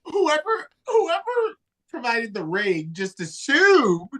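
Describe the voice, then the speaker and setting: A man's voice: extremely high pitch, slow pace. A man co-hosting a wrestling podcast, telling stories in casual, profane banter. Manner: profane, animated storyteller.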